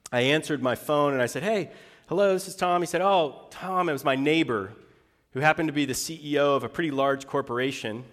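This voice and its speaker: A middle-aged man preaching a sermon in a conversational way, asking rhetorical questions and slowing down for quoted scripture. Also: mid-range voice, big-room sound. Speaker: pastor.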